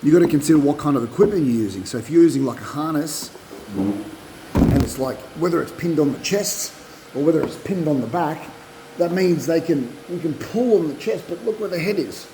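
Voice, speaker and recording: A middle-aged man giving dog-training advice in a casual, animated way, repeating points and acting out dog voices, recorded on a propped-up phone. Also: fairly high pitch, brisk, noisy background. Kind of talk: casual instructional talk.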